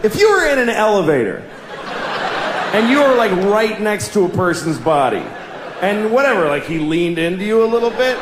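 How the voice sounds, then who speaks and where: A man's voice: high voice, sing-song, normal speed. Middle-aged guy doing stand-up, rambling self-mocking stories, bouncy delivery, echoey room with crowd noise. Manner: rambling, self-deprecating storytelling. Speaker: stand-up comedian. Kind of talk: stand-up comedy set. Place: live stage before an audience. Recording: roomy live venue with crowd noise.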